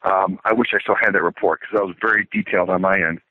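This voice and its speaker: Low-voiced man telling a tale over the phone. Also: steady tone, fast talker. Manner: matter-of-fact, military-style reporting. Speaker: caller. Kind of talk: casual storytelling. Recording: tinny phone line.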